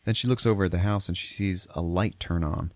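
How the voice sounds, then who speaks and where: Deep, gravelly, swearing podcast host. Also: male voice, a little fast, no room sound. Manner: profane, rambling storyteller. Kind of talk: casual movie recap.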